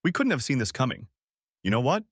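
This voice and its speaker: Guy doing a calm grown son steadying family, dry close sound. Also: medium pitch, fairly quick, no echo. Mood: reassuring. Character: reassuring adult son.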